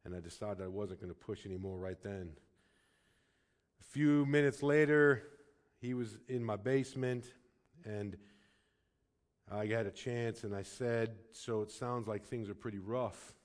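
A man preaching a sermon as pastor, telling a personal story with emphatic stretches and soft, hushed passages, sometimes stammering and restarting. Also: on the low side, measured pace, long pauses.

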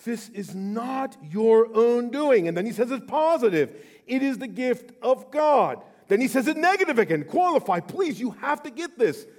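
A middle-aged male pastor preaching a sermon with passion, swinging from loud declarations to hushed, slow phrases. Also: extremely high pitch, very animated. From Southern California.

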